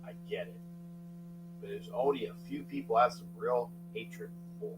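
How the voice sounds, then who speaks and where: This older male host talks at a moderate pace and medium pitch on a live sports stream, keeping it casual and meandering. Viewers get shout-outs by name, and he frequently begins his thoughts again. A faint mains hum comes through the distant mic.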